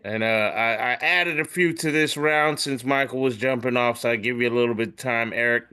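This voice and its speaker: Male podcast host, bright and clear, animated delivery full of put-on caption voices. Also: mid-range voice, a little fast. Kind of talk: casual chat describing memes aloud.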